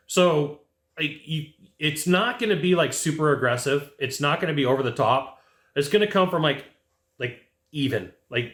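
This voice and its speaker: A man's voice: on the high side, sing-song, moderate pace, fairly bright tone, roomy sound. A man coaching HVAC technicians in sales. He talks casually to camera, acts out sales scripts and tags his points with "right?" and "okay?". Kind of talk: casual instructional talk to camera.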